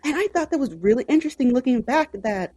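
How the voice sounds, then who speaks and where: A young adult woman co-hosting a podcast, telling a personal story in a casual, animated way. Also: high-pitched, fast talker, slightly rough. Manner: animated, lots of fillers and quoted inner voice. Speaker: podcast co-host.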